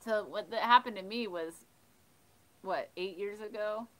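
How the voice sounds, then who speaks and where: A woman hosting a livestream, casually telling funny stories and reading chat, animated and laughing. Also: mid-range voice, a little slow, poor audio. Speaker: livestream host of a thrifting channel. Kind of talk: casual storytelling while reading live chat.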